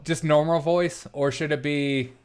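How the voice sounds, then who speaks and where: Setting up a prank call on a casual comedy livestream, a male show host giggles, rambles, and pokes fun at himself. His voice is slightly high and clean, with a steady tone and a somewhat slow pace.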